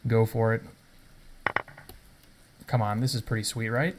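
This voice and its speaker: A man's voice: fairly low pitch, flat delivery, measured pace, long pauses. A man casually commenting on his own chess game, thinking aloud and chuckling at himself, recorded at home in his apartment. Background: faint rain noise.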